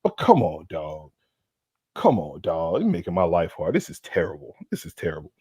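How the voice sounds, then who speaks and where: A man co-hosting a sports podcast, delivering an animated, slangy mock lecture in a comedic rant. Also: deep voice, moderate pace, breathy edge, dry recording, studio quality. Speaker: podcast co-host.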